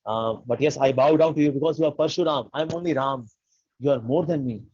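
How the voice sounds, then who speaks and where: A gentle young prince answers with calm humility, as a man puts him on. His voice is husky and soft-spoken. The recording sounds dull and dry. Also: a little high, moderate pace, no room sound. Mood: humble.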